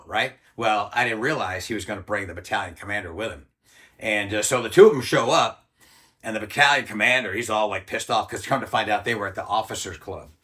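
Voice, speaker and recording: A man's voice: lowish voice, pushed and bright. A man in his sixties, a former soldier and interview guest, telling a story bluntly with plenty of swearing and acted-out quotes. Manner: blunt, profane storytelling that acts out quoted voices.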